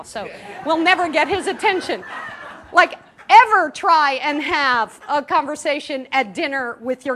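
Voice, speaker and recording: High-voiced woman preaching. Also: bright, forceful tone. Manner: emphatic, uses rhetorical questions and repetition; laughs and jokes between points. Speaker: spiritual teacher. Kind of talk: sermon to a live gathering. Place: meeting room in New York.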